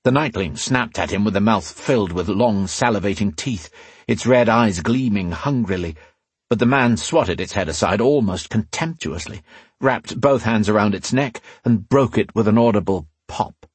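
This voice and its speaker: A male narrator giving a measured, dramatic reading of a fantasy audiobook on a close mic. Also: fairly low pitch, husky, no echo.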